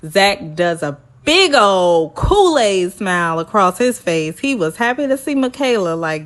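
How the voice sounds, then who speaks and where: A woman's voice: mid-range voice, sing-song, unhurried, few pauses. Chatty woman recapping a reality show. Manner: chatty, acts out quotes in other voices. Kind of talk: casual recap vlog.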